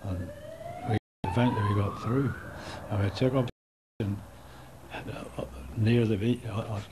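A Northern Irish man in his eighties, a war veteran recalling events in a halting oral history interview with restarts and soft chuckles. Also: lowish voice, fairly even intonation, noisy background. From Northern Ireland. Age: 80s.

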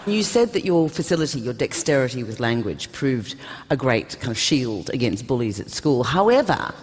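Husky, wry on-stage interviewer. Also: medium pitch, very animated, moderate pace. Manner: wry, teasing questions. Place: large concert hall stage. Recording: long reverb of a large hall.

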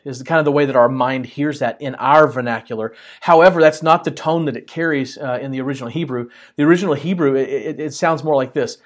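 A male pastor teaching a church Bible study in an earnest, gentle way, with many halting pauses. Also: a little high.

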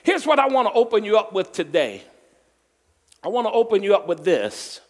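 A pastor preaches a sermon in a high voice with big pitch swings, drawing out stressed words and calling on the congregation to answer back. Recorded in a church sanctuary, it carries the long reverb of a large hall.

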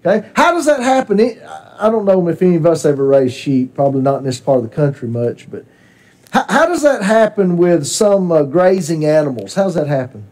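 A man, his voice pitched high for a man, teaches a church Bible class. He talks in a relaxed, conversational way, puts questions to the group and repeats back what they say. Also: fairly quick.

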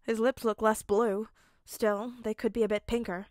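Woman playing a gentle, motherly woman. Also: on the high side, little pitch movement, normal speed, dry recording, clean studio sound, close to an everyday voice. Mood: caring. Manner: gentle and soothing. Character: caring motherly woman, gentle but firm.

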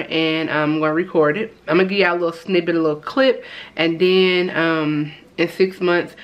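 A woman's voice: on the low side, fairly bright tone, highs cut off. A woman vlogging casually from her home kitchen, chatting upbeat to viewers and calling them y'all. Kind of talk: casual vlog chat.

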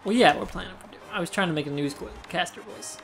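A man's voice: sits high, quick pace, vocal fry, fairly bright tone, faint music behind. A young man giving crude, joking commentary while playing a video game with a friend. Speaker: let's play commentator. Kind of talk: casual gaming commentary.

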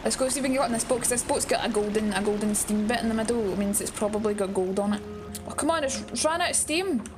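Woman streamer in her twenties, high-pitched, excitable and sweary, prone to sudden shrieks. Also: quick pace, over music. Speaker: livestreamer. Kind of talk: casual livestream chat.

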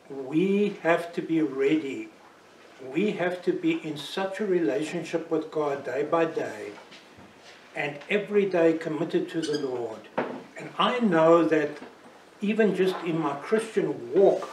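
A man's voice: on the high side, slight background noise. Man from South Africa leading Bible study. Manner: conversational, gently teaching. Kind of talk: church Bible study discussion. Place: church room. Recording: echoey room from far off.

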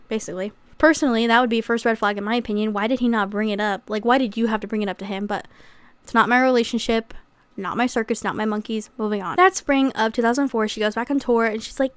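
A woman's voice: on the high side, fast, clear, resonant tone, dry recording. A young woman recapping a memoir in a casual, chatty way, with sarcastic asides and acted-out quotes. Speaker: YouTuber.

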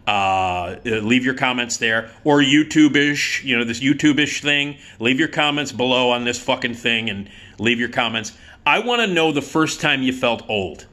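Man in his fifties, rambling vlog storyteller, forceful bright voice, swears freely. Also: mid-range voice, expressive, normal speed, few pauses. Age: 50s. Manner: rambling, profane, lots of filler words. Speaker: YouTube host.

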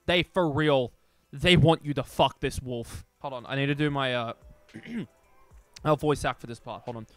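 Young male streamer, crude joking play-by-play, higher voice, faint game music. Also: expressive, takes it slowly, vocal fry, pauses often, no echo. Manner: profane, joking, yelling bursts. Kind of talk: gameplay commentary.

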